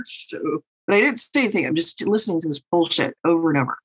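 A woman's voice: lowish voice, animated, fairly quick, fairly bright tone, breathy edge, rough recording. Profane, wry woman telling a story. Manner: profane, wry, laughing through her stories. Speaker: podcast co-host and tarot reader. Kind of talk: casual storytelling chat.

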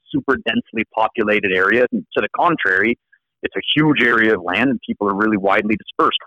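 A man with an American accent, a law professor guest telling stories in an animated, restarting way. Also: medium pitch, no room sound, dull audio. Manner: animated, repeats words as he restarts. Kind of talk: casual storytelling interview.

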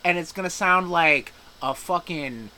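A man co-hosting a loose podcast, riffing on gaming news with profane jokes and teasing banter. His voice is bright and forceful, sitting a little high. Faint ambience hums under the recording. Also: unhurried, a little hiss or hum, low-quality recording. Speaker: podcast co-host. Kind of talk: casual gaming news chat.

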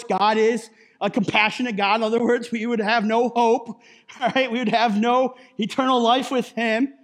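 A man preaching a sermon as pastor in a conversational way, with jokey asides and a habit of adding "right?" after his points. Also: very high-pitched.

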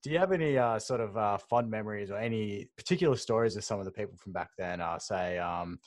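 A man in his twenties hosting an interview, relaxed and conversational as he asks a guest follow-up questions. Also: on the low side, quick pace, dry recording. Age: 20s. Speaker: interview host.

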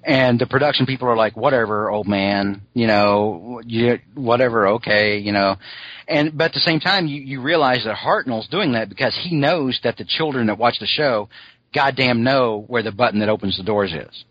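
A man's voice: medium pitch, fairly quick, slightly rough, no room sound, highs cut off. A man co-hosting a podcast, chatting casually and rambling, with lots of "you know" asides. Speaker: podcast co-host. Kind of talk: casual chat.

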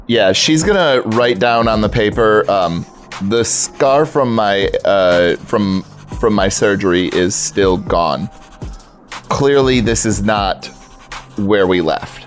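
During a tabletop game, a player casually narrates in third person what his silent character does. His lowish voice is expressive and slow, with soft music in the background.

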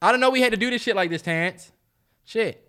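A man co-hosting a casual sports podcast, blunt and swearing in animated banter. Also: sits high, fast talker, clear, resonant tone. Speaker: podcast co-host.

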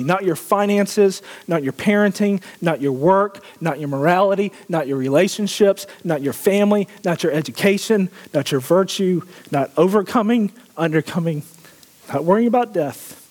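A man's voice: sits high, normal speed, darkish tone, in a large hall. A man preaching a sermon, asking the congregation questions and often laughing. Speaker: pastor.

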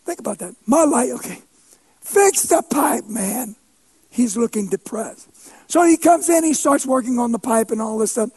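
A preacher telling a story in a sermon, animated and funny, breaking into shouts for emphasis and poking fun at himself. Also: male voice, extremely high pitch, normal speed, husky. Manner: animated, shouts for emphasis, playful self-mocking humor.

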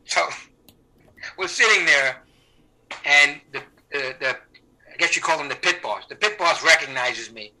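A man's voice: a little high, unhurried, long pauses, poor audio. A middle-aged man, an actor, telling stories casually in a rambling way, with many restarts and fillers, and acting out the people he quotes. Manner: animated, acts out the people he quotes. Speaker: actor, interview guest. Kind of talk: casual anecdotal storytelling.

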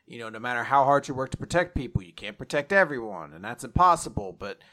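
A man retelling as an earnest young king, halting. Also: mid-range voice, expressive, sharp tone. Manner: hesitant, halting, full of "you know".

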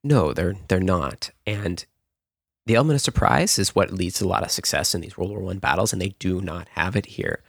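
A man with a very low voice walks the listener through a historical story like he's chatting with a friend. He backs up and restarts his sentences as he explains. The sound is dry and close, with no room around it. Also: expressive, fairly quick, creaky, a bit bright, dry recording. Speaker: podcast host.

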